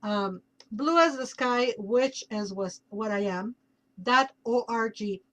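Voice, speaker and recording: A woman's voice: a little high, slow pace, fairly bright tone, poor audio. A woman podcast host with a Mexican accent, chatting casually and plugging her work with playful asides.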